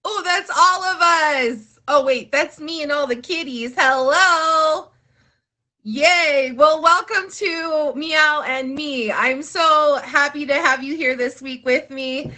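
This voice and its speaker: A woman's voice: high voice, slow pace, bright, forceful tone. A woman hosting a live show in a bubbly, chatty, playful way. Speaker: host. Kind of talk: casual live-stream hosting.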